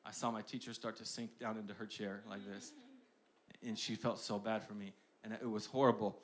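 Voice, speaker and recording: A young man preaching a sermon, shifting between hushed personal storytelling and loud, emphatic declarations with lots of repetition. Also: fairly low pitch, flat delivery, a little fast.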